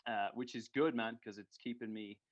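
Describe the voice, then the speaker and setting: A man's voice: medium pitch, steady tone, normal speed. A man co-hosting a casual podcast chat, telling stories in a ranting, sweary way and laughing at himself. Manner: ranting, sweary, laughing at his own story. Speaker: podcast co-host. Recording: dull lo-fi podcast audio.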